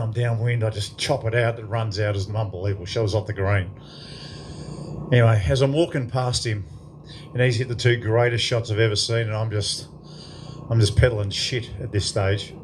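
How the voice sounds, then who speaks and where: A man's voice: mid-range voice, slight background noise. An Australian man in his fifties telling a profane story as an after-dinner guest speaker in a club function room. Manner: profane, lively anecdote telling to a crowd.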